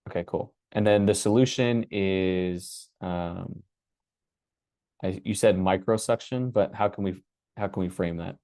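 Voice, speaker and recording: A man hosting a workshop, walking through his screen in a relaxed, casual way and thinking aloud with many fillers. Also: deep voice, measured pace, no echo, studio quality. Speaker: workshop host. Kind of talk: casual screen-share walkthrough.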